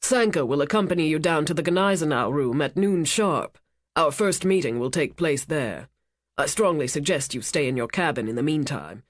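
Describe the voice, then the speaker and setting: A woman voicing a commanding, wealthy male ship owner who speaks in a measured, authoritative and evasive way. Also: deep voice, no echo, studio quality.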